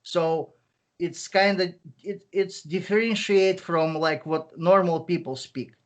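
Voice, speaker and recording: Russian guy on a video call, highish voice, lots of uhs and restarts. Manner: halting, many fillers and restarts. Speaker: interviewee, English teacher. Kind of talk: online interview.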